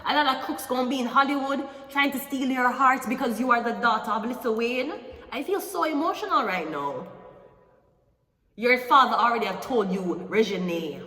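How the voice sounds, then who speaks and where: Forceful woman giving a tarot reading. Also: fairly high pitch. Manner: blunt, emotional, swears freely. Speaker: tarot reader. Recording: echoey room with long reverb, faint music.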